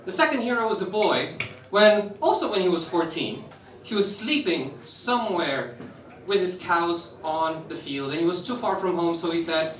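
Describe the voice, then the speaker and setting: A young man from Romania telling a personal story at an open mic, animated and laughing through the funny parts. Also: a little high, moderate pace. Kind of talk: spoken-word storytelling. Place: live stage in a roomy venue. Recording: echoey room, voice from some distance.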